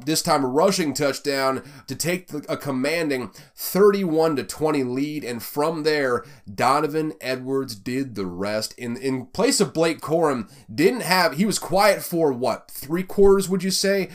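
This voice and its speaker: A man giving a casual recap of a football game, building up big plays with rising emphasis and thinking aloud with quick self-corrections. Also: on the high side. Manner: loose, self-correcting, asks himself questions aloud. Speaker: sports recap host.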